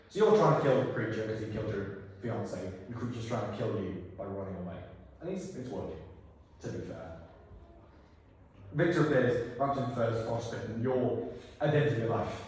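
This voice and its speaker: A man directing a theatre rehearsal, talking actors through scenes in an animated way and slipping into silly voices. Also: lowish voice, fairly quick, slight background noise. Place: rehearsal hall. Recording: echoey hall, far from the mic.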